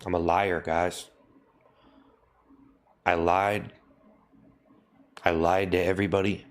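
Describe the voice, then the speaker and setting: Deadpan low-voiced man streaming a mock apology. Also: slow pace. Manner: repetitive, deadpan mock confession. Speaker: livestream host. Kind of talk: mock-solemn livestream apology.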